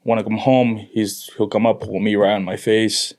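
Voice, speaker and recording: A young man from Tonga talking earnestly about his family in a conversation, with halting restarts. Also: on the low side, little pitch movement, a little mellow. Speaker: guest. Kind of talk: emotional personal conversation.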